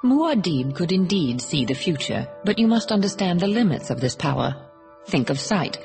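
A woman reads an audiobook passage in a calm, reflective way. Her voice sits very low for a woman, with faint music underneath. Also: moderate pace, creaky. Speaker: audiobook narrator. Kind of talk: scripted narration.

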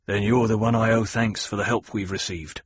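A man's voice: lowish voice, steady tone, normal speed, husky, no room sound. A man playing a weary, scarred soldier. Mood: grim. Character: weary, angry male soldier with a scar.

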